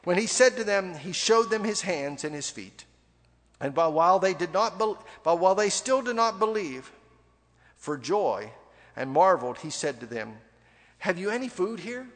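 A male pastor delivering a sermon in an animated, conversational way, swinging from loud emphasis to near-quiet asides. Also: sits high, moderate pace. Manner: animated, conversational preaching with sudden dramatic drops in volume. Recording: long reverb of a large hall.

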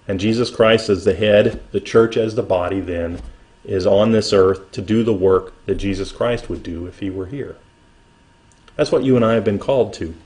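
Middle-aged guy preaching, earnest, slow scripture reading that builds up. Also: fairly low pitch, darkish tone. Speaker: pastor. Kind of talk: sermon.

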